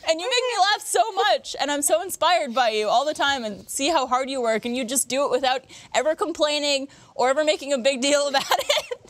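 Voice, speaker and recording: A woman's voice: high-pitched, animated, a little fast, a bit bright. A woman speaking heartfelt praise to a coworker, laughing often and getting emotional. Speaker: coworker giving a tribute.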